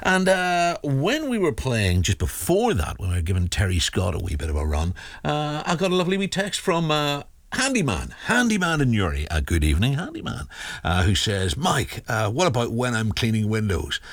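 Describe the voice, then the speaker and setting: A man's voice: mid-range voice, huge pitch swings, normal speed, dry recording. A man presenting a late-night radio show, chatting and reading out listener texts. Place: radio studio. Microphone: studio microphone.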